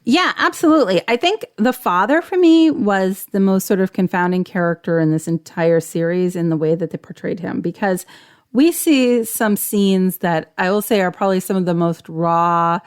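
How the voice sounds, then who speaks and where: A woman's voice: on the low side, moderate pace, smooth. Woman, podcast co-host, casual chat, frank, vivid retelling, filler-heavy. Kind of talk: casual chat reviewing a TV series.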